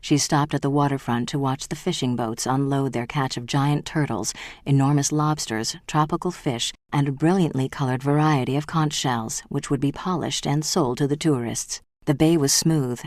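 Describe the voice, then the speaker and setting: An audiobook narrator reading a novel in an even, measured way. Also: medium pitch, no echo, clean studio sound. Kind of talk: scripted narration.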